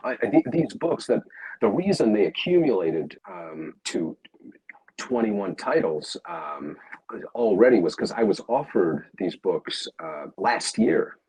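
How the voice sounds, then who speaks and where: A man with a very low, husky voice talks casually about his work as an audiobook narrator. He often stops to restart his sentences and fills the pauses with "um" and "uh". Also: sing-song, a little mellow, rough recording. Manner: halting, many fillers and restarts. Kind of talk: casual interview answers.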